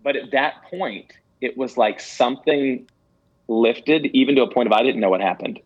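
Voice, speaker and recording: A man's voice: mid-range voice, moderate pace, highs cut off. A man giving candid personal testimony as an interview guest, earnest and self-deprecating, with some stammered restarts. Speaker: guest telling a ministry story.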